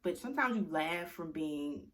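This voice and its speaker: Young woman, slangy casual recap, lowish voice, animated storyteller. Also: moderate pace. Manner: slangy, animated storytelling with frequent "like" and "you know". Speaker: reality TV recap commentator. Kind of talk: casual chat.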